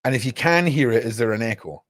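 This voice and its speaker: A man's voice: medium pitch, fast, over music. A young man hosting a livestream, rambling casually and talking straight to his chat viewers. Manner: rambling, cryptic, chats to viewers. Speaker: livestream host.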